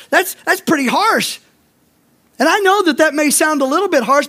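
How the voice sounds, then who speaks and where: High-voiced preacher with a lilt. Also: male voice, fairly bright tone. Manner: preaching with emphatic repetition and direct questions to the congregation. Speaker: pastor. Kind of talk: sermon. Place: church.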